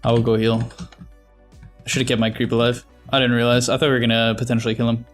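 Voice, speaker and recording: A man commentating his own match in a casual, thinking-aloud way, critiquing his plays with restarts and quick laughs. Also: mid-range voice, level tone, soft background music. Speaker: gameplay commentator.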